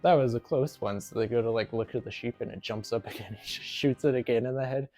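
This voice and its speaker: A man's voice: medium pitch, fairly even intonation, fast, a little mellow, faint music behind. A man casually recapping a movie plot, rambling with lots of "like" and frequent laughs. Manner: rambling, fills with "like", laughs often. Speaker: movie reviewer.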